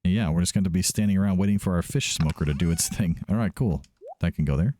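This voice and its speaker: Guy with a deep mellow voice doing let's play commentary, rambly, corrects himself a lot. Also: fast, a little hiss or hum. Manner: chatty, thinks aloud, corrects himself often. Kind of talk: casual gameplay commentary.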